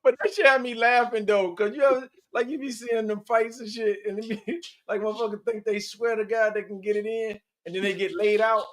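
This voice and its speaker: A man's voice: high voice, fairly even intonation, brisk, hardly any pauses. A man co-hosting a podcast, joking around in casual banter with a slangy way of speaking. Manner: loud laughing, playful slangy joking. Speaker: podcast co-host.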